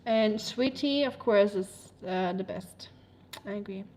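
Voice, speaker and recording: A woman's voice: mid-range voice, slow, a little mellow. A woman with a German accent, a native German speaker, chatting casually on a livestream, rambling with many fillers and frequent laughs. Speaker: livestreamer reading chat.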